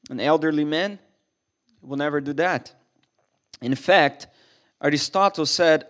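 A man preaching a sermon as a pastor in a church, earnest and emphatic, often restarting his sentences. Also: fairly high pitch.

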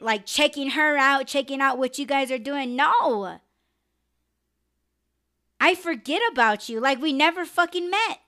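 A young woman hosting a live podcast, venting bluntly and with lots of swearing. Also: high-pitched. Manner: blunt, profane, animated venting. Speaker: podcast host. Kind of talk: casual live podcast rant.

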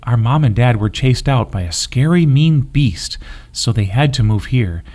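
A man's voice: medium pitch, animated, a little slow, darkish tone. A man voicing a small, frightened young bunny in a children's storybook, pleading and sleepy.

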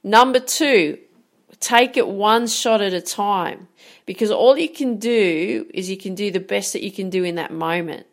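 A woman's voice: mid-range voice, a little slow. A woman, talking straight to her audience as a sports mindset coach, earnest and emphatic, with frequent rhetorical questions. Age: 40s. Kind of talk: direct-to-camera coaching talk.

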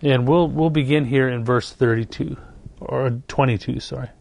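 A man's voice: medium pitch, fairly even intonation, moderate pace, gravelly, darkish tone. A man preaching a sermon, reading scripture and telling a personal story in an earnest, repetitive way. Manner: earnest storytelling, repeats phrases, occasional self-corrections.

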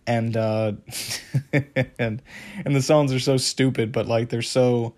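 A man's voice: mid-range voice, steady tone, unhurried, a little mellow. A man talking casually and at length about a favorite cartoon, rambling with many fillers and restarts. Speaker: show reviewer. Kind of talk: casual monologue review.

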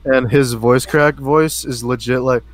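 A man's voice: mid-range voice, fairly even intonation, unhurried, no echo. A young man co-hosting a podcast, chatting casually, laughing often and swearing as he tells stories. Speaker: podcast co-host. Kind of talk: casual chat.

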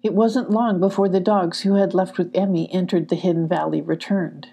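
A woman reading a children's storybook aloud in a calm, even narrating manner. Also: lowish voice, moderate pace, vocal fry, breathy edge. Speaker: audiobook reader.

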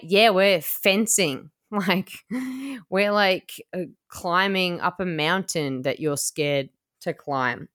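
A woman's voice: fairly low pitch, takes it slowly, a bit bright, smooth. A woman hosting a casual chat podcast, sarcastic and swearing freely, mocking people in silly quoted voices. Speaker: podcast host.

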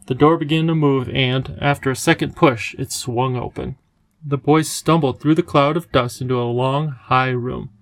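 A man reading an audiobook chapter as narrator, in steady, measured storytelling. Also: mid-range voice, creaky, no room sound, rough recording. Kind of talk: scripted narration.

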